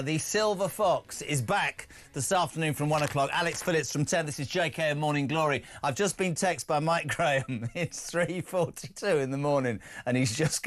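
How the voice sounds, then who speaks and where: A man's voice: a little high, fairly bright tone. Jokey man hosting talk radio. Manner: jokey, quick asides, laughs at own lines. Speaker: stand-in radio host. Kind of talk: lively talk radio, reading listener texts.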